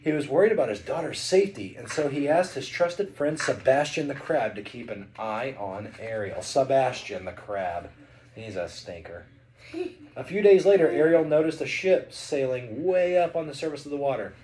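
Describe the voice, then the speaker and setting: A man's voice: medium pitch, expressive, normal speed, darkish tone, a little hiss or hum. A man reading a picture book aloud to his child, playful and chatty between passages. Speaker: father reading a bedtime story.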